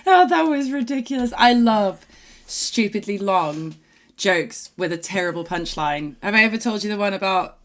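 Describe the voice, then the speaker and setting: A woman co-hosting a reaction video, telling a long joke in a casual, animated way and laughing easily. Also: medium pitch, moderate pace. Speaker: reaction channel co-host.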